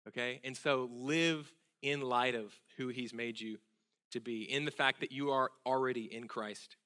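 A man in his thirties preaches from a church stage, his voice bright and forward. He tells stories with earnest emotion, often sinking to a quiet, intense hush on key words. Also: medium pitch, steady tone, moderate pace. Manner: earnest, emotional storytelling, drops to hushed intensity. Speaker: pastor. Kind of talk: sermon. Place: church sanctuary.

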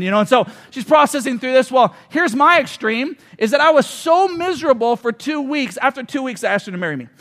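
Pastor in his forties, very high-pitched man, conversational and emphatic sermon delivery. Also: lively intonation, a little fast, hardly any pauses, a bit bright. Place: church hall with audience.

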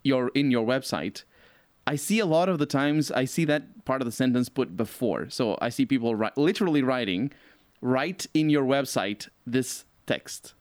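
A man's voice: mid-range voice, moderate pace, no echo. A man in casual podcast chat, ranting with exasperated energy and laughing between points. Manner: animated, exasperated rants with laughs.

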